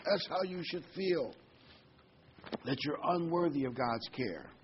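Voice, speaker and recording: A man voicing a sly male devil who whispers doubts in a high, slow, drawn-out taunting way. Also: animated, muffled recording, background noise.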